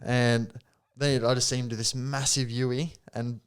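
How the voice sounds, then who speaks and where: A young man with an Australian accent spins a story as a podcast guest. His voice sits in an ordinary middle pitch. He laughs often and acts out what others said. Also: unhurried, clear, resonant tone. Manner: animated storyteller, laughing, acting out quotes. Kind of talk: casual storytelling.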